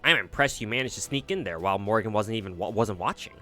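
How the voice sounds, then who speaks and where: A man's voice: on the low side, expressive, quick pace, sharp tone, soft background music. A man voicing an easygoing male knight who teases and soothes, reading aloud from a game. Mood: teasing.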